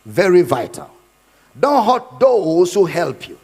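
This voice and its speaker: High-voiced preacher in a hall. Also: male voice, big pitch swings, takes it slowly, darkish tone, slightly rough. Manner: emphatic preaching, repeats lines. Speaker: pastor. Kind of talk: sermon. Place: church hall. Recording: hall reverb.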